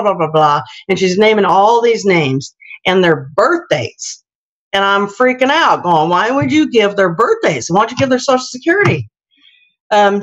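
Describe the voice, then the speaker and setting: A middle-aged woman telling her own story in a casual, earnest way, acting out the voices of the people she quotes. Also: on the low side. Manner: earnest, animated, acts out quoted dialogue. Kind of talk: personal testimony, casual storytelling. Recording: dull lo-fi livestream audio.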